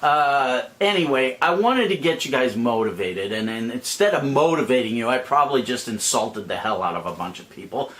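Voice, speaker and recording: A man's voice: mid-range voice, lively intonation, normal speed, few pauses, a bit bright. A middle-aged man ranting to his viewers, blunt and profane, calling people idiots and describing himself as a plain speaker. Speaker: YouTube money-making vlogger.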